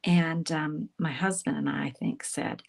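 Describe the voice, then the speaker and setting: Chatty woman with a gravelly voice. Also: low voice, fairly even intonation, a little slow. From Canada. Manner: chatty, upbeat, greets viewers by name as she works. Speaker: craft instructor hosting a live stream. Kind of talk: live card-making demonstration.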